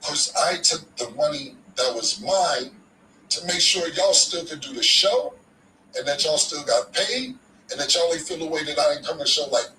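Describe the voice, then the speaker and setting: Laid-back man telling a story, bright tone. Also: on the high side, expressive, moderate pace, echoey room, recorded from a distance, a little hiss or hum, poor audio. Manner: laid-back, slangy, profane, repeats himself. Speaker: podcast guest telling a story. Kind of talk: casual storytelling.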